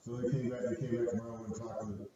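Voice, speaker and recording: A man's voice: medium pitch, little pitch movement, fast talker, warm tone. An older man telling a long rambling story with lots of swearing and stammered restarts. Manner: profane, repetitive, stammering restarts. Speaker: storyteller guest. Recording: dull lo-fi audio from a far, very echoey room.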